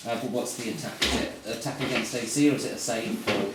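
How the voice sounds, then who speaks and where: A man runs a tabletop game as game master, describing the action and checking rules with plenty of fillers. He sits away from the mic, and the room rings with heavy echo under steady noise. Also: mid-range voice, quick pace. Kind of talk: running a tabletop game live. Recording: echoey room, far from the mic, noisy.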